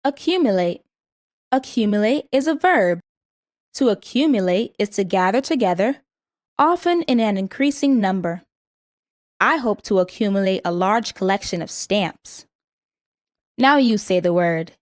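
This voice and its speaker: A woman reading a scripted vocabulary lesson in a measured way, saying each word twice so learners can repeat it. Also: mid-range voice, animated, dry recording, studio quality. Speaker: vocabulary instructor.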